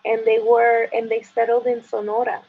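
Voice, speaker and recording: Gravelly-voiced woman on a dull lo-fi line. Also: on the high side, completely flat delivery. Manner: teasing, halting with many restarts. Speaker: interview guest. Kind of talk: casual video chat. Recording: dull lo-fi sound.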